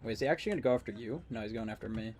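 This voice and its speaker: A man's voice: fairly low pitch, darkish tone. A man giving casual, joking commentary while playing a match with a friend. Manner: joking, teasing, quick asides. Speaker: caster and player.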